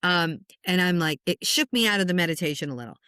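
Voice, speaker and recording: A middle-aged woman, a spiritual medium, telling a personal story in conversation with lots of lively swings and chuckles. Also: lowish voice, fast talker, clear, resonant tone, dry recording, studio quality. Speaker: spiritual medium and meditation teacher.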